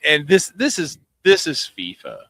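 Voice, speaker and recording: A man's voice: fairly high pitch, huge pitch swings, moderate pace, vocal fry, pushed and bright, no echo. A man co-hosting a podcast, giving blunt, profane opinions in casual chat. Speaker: podcast co-host.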